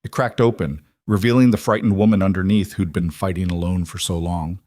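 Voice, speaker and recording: A man narrating a romance story in steady scripted narration. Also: low-pitched, brisk, no room sound, clean studio sound.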